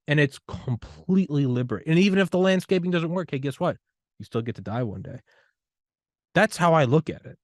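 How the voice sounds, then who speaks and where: A man hosting a podcast, talking in a loose, rambling way that turns loud and higher when he gets worked up. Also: lively intonation, a little fast, no echo, clean studio sound. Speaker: podcast host. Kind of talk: casual conversation.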